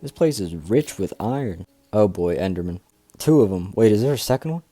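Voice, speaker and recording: A man's voice: fairly low pitch, a little fast, faint music behind. A man casually commentating a survival game as he plays, rambling and thinking aloud, reading item descriptions aloud. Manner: reads item text aloud in a flat reading voice. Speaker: gameplay commentator. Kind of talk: casual let's-play commentary.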